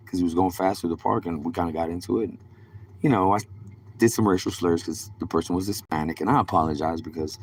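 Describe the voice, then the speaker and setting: A man with a deep, low voice rambles through his stories in casual street slang, cursing freely as he goes. He talks to a live stream audience in a loose, wandering way, with a faint hiss behind him. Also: darkish tone.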